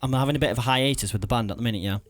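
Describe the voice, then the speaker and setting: A man hosting a podcast in casual, sweary, excitable chat. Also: medium pitch, no room sound. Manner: fast, sweary, excitable chatter. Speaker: podcast host.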